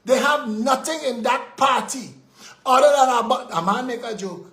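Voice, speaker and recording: A Trinidadian-accented man hosts a live political talk show, ranting indignantly, firing off rhetorical questions and at times shouting. His voice is very high, his speed normal, and the sound roomy.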